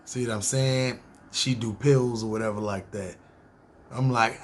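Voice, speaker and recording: A man's voice: mid-range voice, expressive, brisk, slight background noise. A man from Harlem, telling his life story in a rambling, slangy, profane way, addressing listeners directly. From Harlem, New York. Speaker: podcast storyteller. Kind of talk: casual storytelling podcast.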